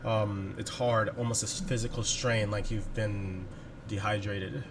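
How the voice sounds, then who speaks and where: A man's voice: fairly low pitch, little pitch movement, unhurried, noisy background. A man running a tabletop game as game master, describing scenes with jokey asides.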